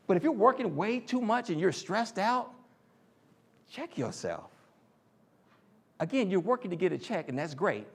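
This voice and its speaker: A man preaches with lively, swooping pitch, acting out voices of complaining coworkers. His voice sits a little high for a man, and he keeps a casual, joking touch with the crowd. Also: moderate pace. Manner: animated, acts out quoted voices and jokes with the crowd. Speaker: speaker in a church teaching series. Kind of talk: sermon.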